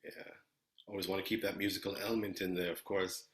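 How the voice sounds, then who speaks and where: A man's voice: deep voice, flat delivery, quick pace, fairly bright tone, echoey room. A man hosting a casual interview over a video call, easygoing and affirming, often repeating his words. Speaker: interview host.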